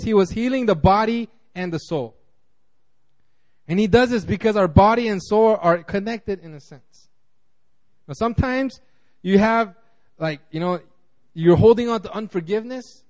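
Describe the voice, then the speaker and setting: Man, pastor, high voice, casual sermon, animated, restarts a lot. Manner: animated, acts out quotes, frequent restarts.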